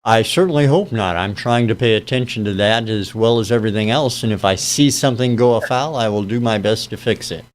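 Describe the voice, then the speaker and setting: A man's voice: lowish voice, brisk, few pauses. Dry teasing man as co-host. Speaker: co-host and technical producer. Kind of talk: casual chat.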